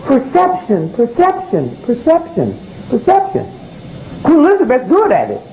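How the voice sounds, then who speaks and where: Lively high-voiced man working a crowd. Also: moderate pace, slight background noise, low-quality recording. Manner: preacherly call-and-response, repeatedly asking "right?". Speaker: speaker addressing a live audience. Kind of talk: live social commentary talk. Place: room with an audience.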